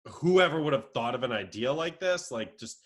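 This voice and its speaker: In a casual podcast chat, a young co-host with a mid-range voice talks at a normal pace. Laughter comes often, and his stories are told with animation.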